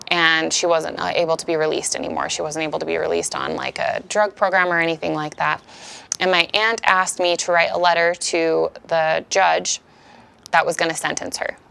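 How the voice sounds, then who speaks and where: A woman's voice: on the low side, vocal fry, fairly bright tone. A woman in her thirties giving a candid, emotional personal testimony as a speaker at a support meeting.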